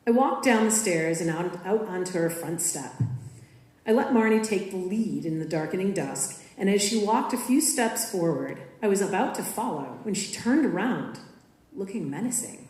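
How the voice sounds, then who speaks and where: A woman reading her own personal story aloud at a school writers event, telling it in an expressive, dramatic way. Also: medium pitch, moderate pace. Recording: echoey room.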